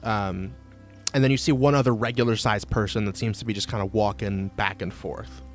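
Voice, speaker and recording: A man narrating a tabletop game as game master, pausing often with fillers. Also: fairly low pitch, fairly even intonation, faint music behind. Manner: halting, with many fillers.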